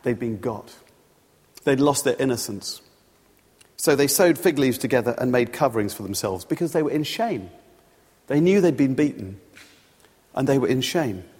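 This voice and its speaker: A man's voice: mid-range voice, lively intonation, normal speed, long pauses, darkish tone, breathy edge. A man preaching a sermon, telling the story and illustrating it with everyday examples. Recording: long reverb of a large hall.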